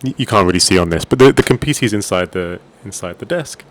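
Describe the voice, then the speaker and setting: A man with a lowish, animated voice talks fast as he casually tours his home gaming and streaming desk, rambling a bit with fillers and restarts. He's recorded on a desk microphone mounted on an arm.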